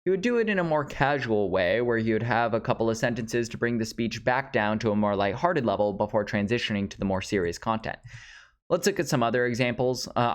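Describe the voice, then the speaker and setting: A man teaching speech writing in a casual, conversational lecture over slides, with frequent fillers. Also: fairly low pitch. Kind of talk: instructional lecture.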